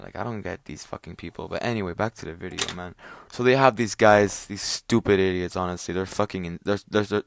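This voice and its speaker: Rambling profane young man, low voice. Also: creaky, no room sound, studio quality. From Italian family. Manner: profane, rambling, many fillers and restarts. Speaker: podcast host. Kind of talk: casual rant.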